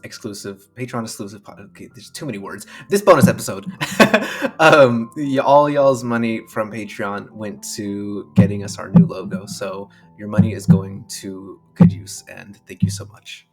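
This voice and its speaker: Laid-back man co-host, speaks to listeners directly, stumbles now and then, low voice. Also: normal speed, faint music behind. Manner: relaxed, addresses listeners directly, trips over words. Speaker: podcast co-host. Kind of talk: casual chat.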